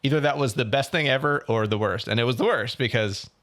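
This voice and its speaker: Young man, casual podcast chat, animated storytelling, mid-range voice. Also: mid-range voice, quick pace. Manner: animated storytelling, acts out others' lines. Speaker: podcast co-host.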